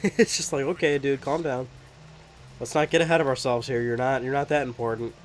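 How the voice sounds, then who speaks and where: A man's voice: mid-range voice, fairly quick, faint music behind. A young man giving casual, rambling let's play commentary, swearing and laughing often. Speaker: gameplay commentator.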